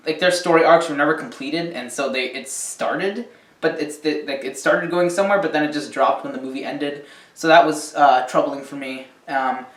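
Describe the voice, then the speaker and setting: A man's voice: fairly high pitch, fairly bright tone. A man ranting casually about a film, rambling with many ums and the odd swear word. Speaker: movie reviewer. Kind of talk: casual rant review. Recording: echoey room, distant mic.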